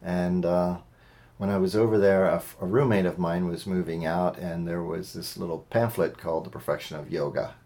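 A male interview guest with a low voice who tells his story earnestly. He pauses often and fills the gaps with "uh", sounding sincere and slightly unpolished. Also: fairly even intonation, mellow. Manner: earnest, halting, with fillers and small laughs. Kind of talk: personal storytelling in conversation.

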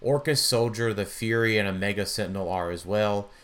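A man co-hosts a relaxed chat about a tabletop miniatures game. His voice is on the low side, and he speaks haltingly, restarting often and filling gaps with ums. He comes across as agreeable and easygoing. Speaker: podcast co-host.

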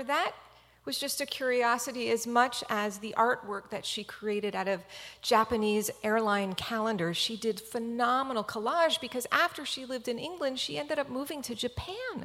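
A woman's voice: on the high side, a bit bright, long reverb tail. A woman physician telling a personal story in an earnest, reflective talk.

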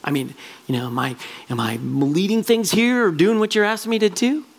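A man preaching a sermon as pastor, animated and acting out little quoted voices as he talks. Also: sits high, fairly quick, vocal fry.

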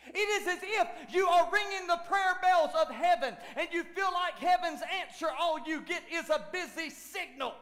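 High-voiced pastor preaching in a reverberant hall. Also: male voice, moderate pace, few pauses. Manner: animated preaching, shouting at peaks and dropping to near whispers. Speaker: lead pastor. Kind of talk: sermon. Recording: long church hall reverb.

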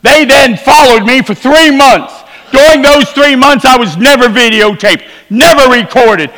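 Bright, high-voiced man preaching in a hall. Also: unhurried. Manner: storytelling, shifts between quiet low asides and emphatic rises. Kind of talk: revival sermon testimony. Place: church sanctuary. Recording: long hall reverb.

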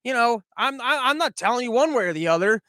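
A man's voice: extremely high pitch, lively intonation, fast talker, pushed and bright, dry recording. An American man hosting a commentary show, ranting in a rambling, profane, sarcastic way.

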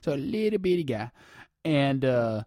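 A man's voice: mid-range voice, big pitch swings, moderate pace, warm tone, no room sound, studio quality. A man casually telling a crude, joking story, full of fillers and laughter. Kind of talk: casual chat.

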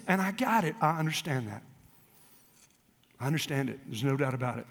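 A man pastor preaching a sermon with call and response, dropping to quiet asides and rising to shouts. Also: medium pitch, lively intonation, fairly quick, creaky, pauses often, in a large hall.

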